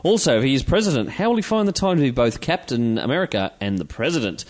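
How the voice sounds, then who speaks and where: A man's voice: mid-range voice, big pitch swings, quick pace. An Australian man who hosts the show and runs a comic shop, talking in a casual, joking way. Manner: chatty, joking, laughs often. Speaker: podcast host and comic retailer. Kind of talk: casual chat.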